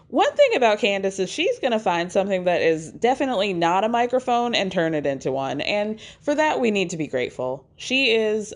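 Animated woman recapping with laughter. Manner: animated, laughs often, acts out quotes in higher pitch. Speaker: podcast host recapping reality TV. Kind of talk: casual chat recap.

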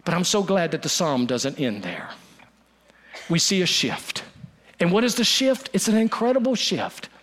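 A man preaching a sermon, dropping to a hush and then rising to urgency, repeating lines for emphasis. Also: sits high, sing-song, moderate pace, slight background noise. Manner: preaching with dramatic dips to a hush and rises to urgency. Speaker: pastor.

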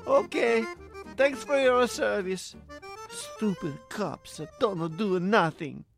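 A cranky pizza parlor owner in a deliberately awful Italian accent. He stumbles through broken sentences with constant hesitations, his high voice leaping up and down. Music plays loudly under the comedy sketch. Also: animated, gravelly, full character voice. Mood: disgruntled. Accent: comically bad put-on Italian. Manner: halting, full of "uh"s, broken grammar. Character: shifty male pizza parlor owner, grumbling.

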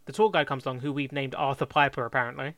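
A young man talks through script ideas in a loose, rambling way, often correcting himself and laughing. His voice is bright and forward, and the sound is close and dry. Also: mid-range voice, steady tone, fast, no echo. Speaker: fan script co-writer. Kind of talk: casual planning chat.

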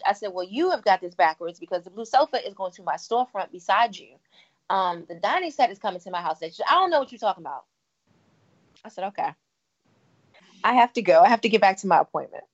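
A woman's voice: mid-range voice, animated, quick pace. A woman chatting with friends on a podcast, telling her story with energy and slipping into the voices of the people she quotes. The audio is a little dull. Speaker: podcast co-host. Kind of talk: casual chat.

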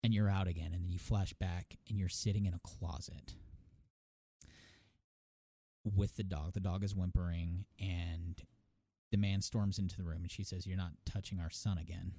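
Laughing often, a podcast co-host animatedly retells a story during casual chat. His voice sits low at a moderate pace, recorded with clean studio sound and no echo.

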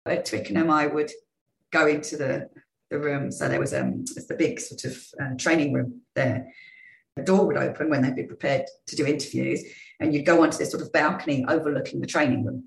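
Gravelly woman telling stories. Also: sits low, brisk, reverberant, rough recording. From England. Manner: lively storytelling with restarts. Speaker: guest, former rugby player and sports journalist. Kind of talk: casual anecdotal interview.

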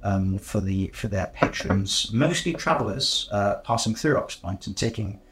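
A man narrating a tabletop game as game master, casual and hesitant with many pauses. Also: on the low side, animated, a bit bright, low-quality recording. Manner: hesitant, full of ums and restarts, casual.

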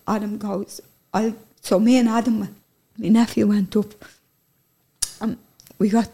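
A woman's voice: on the high side, mellow. An Irish woman telling a personal story in an interview, candid and emotional, swearing casually as she talks.

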